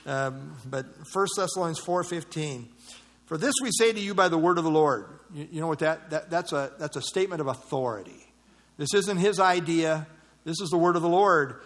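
Male Bible study teacher, high-ish voice, conversational and explanatory. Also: a bit bright. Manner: conversational, explanatory, with fillers and restarts.

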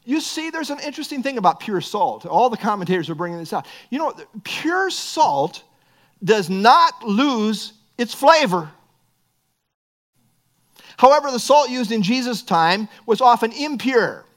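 A man's voice: extremely high pitch, big pitch swings, unhurried, fairly bright tone. A middle-aged man preaching a sermon as pastor, earnest and building to emphatic bursts.

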